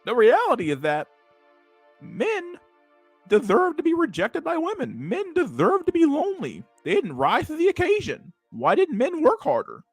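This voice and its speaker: A man's voice: very high voice, huge pitch swings, moderate pace, no echo, pitched above the performer's own voice, heavily acted. A smug older guru figure lectures and taunts in a pushed-up, swooping voice, put on by a man. He is crude and gloating, with a dry, close sound. Faint music plays behind him. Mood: preachy. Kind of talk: parody impression on a livestream.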